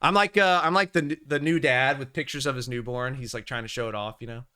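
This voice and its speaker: A man's voice: mid-range voice, a little fast, sharp tone, clean tone. A man hosting a casual livestream, talking about the markets in a chatty, rambling way with many restarts. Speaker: livestream host.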